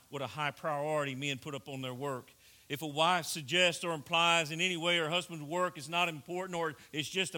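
Bright-voiced preaching man. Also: fairly high pitch. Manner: earnest preaching, swings between hushed and raised. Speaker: pastor. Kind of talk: sermon.

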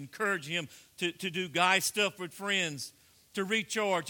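A middle-aged male pastor preaching a sermon earnestly, moving between hushed storytelling and raised exhortation. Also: on the high side, normal speed.

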